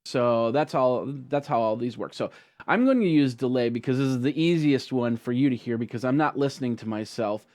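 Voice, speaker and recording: A man hosting a tech tutorial, talking casually through a software walkthrough with frequent ums and restarts. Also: medium pitch, brisk. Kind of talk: screen-recorded software tutorial.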